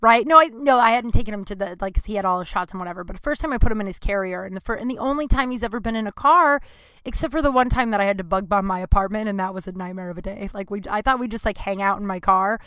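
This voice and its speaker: A woman's voice: medium pitch, very fast, a bit bright, smooth, no room sound. A young woman hosting a podcast, telling a casual, rambling story with lots of restarts, self-mocking and swearing freely. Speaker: podcast host. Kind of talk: casual monologue.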